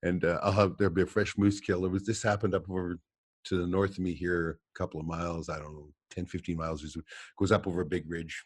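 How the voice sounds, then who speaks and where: Male guest, deep and husky, rambling storyteller who laughs a lot. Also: little pitch movement, fast, no room sound. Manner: rambling storyteller, chuckles often. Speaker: guest trapper. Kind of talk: casual podcast chat. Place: office.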